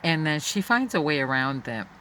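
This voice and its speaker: A man telling a personal story aloud, unscripted, halting and full of fillers and restarts. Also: fairly high pitch, big pitch swings, pushed and bright, slight background noise.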